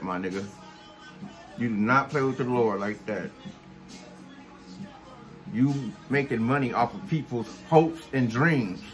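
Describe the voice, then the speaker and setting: A man's voice: medium pitch, fairly bright tone. A man vlogging a profane, blunt rant, scornful and heavy on cursing.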